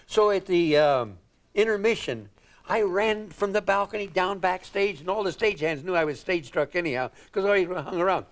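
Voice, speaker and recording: A man's voice: high-pitched, expressive, normal speed. An older man from Indiana, a guest comedian, telling rambling anecdotes with chuckles and acted-out quotes. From Indiana, United States. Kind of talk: anecdotal talk-show storytelling.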